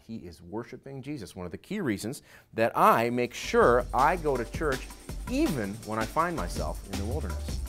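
A middle-aged man, a pastor, preaching a sermon that swings between quiet asides and loud emphasis. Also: medium pitch.

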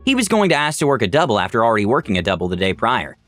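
A man reading online stories aloud as narrator, with a wry, deadpan delivery. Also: on the low side, racing, no echo, soft background music.

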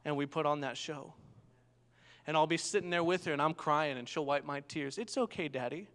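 In this sermon, a young pastor tells his message as an animated story and keeps asking the crowd for an amen. His male voice runs fairly high, with a clear, resonant tone at a normal speed, while the large church space adds lengthy reverb.

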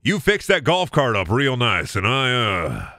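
A man voicing a folksy middle-aged father who haltingly tells his son he is proud of him. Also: medium pitch, sing-song, sharp tone, dry recording, clean studio sound. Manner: halting, gruff, hesitant.

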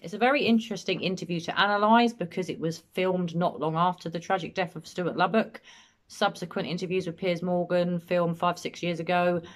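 A woman's voice: on the low side, fairly even intonation. Woman giving analytical true-crime commentary. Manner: measured, matter-of-fact, analytical. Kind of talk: body language analysis commentary.

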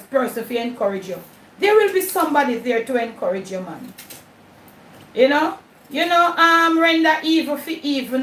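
A woman's voice: high voice, echoey room, far from the mic, slight background noise, poor audio. A Jamaican woman hosting her cooking channel live, chatting casually with viewers in a mix of patois and English while she cooks. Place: home kitchen.

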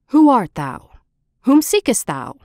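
A woman voicing a lovesick young man, lower. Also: sing-song, a little slow, no echo, clean studio sound. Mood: crying out. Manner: yearning, old-fashioned formal speech.

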